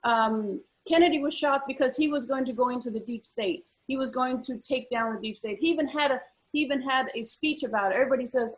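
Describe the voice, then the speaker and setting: Woman, co-host, casual talk, earnest, repeats herself, slightly high pitch. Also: fast talker, few pauses, poor audio. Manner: earnest, repeats words often, many fillers. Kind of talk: casual conversational chat.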